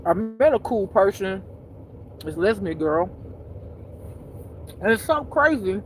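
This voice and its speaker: A woman talks slowly and freely, swearing easily and breaking into laughter at her own stories. Her voice sits at a middle pitch. Faint noise hums in the background. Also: big pitch swings, poor audio. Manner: loose, profane storytelling, laughing often at her own jokes. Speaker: spiritual teacher streaming live. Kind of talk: casual unscripted chat.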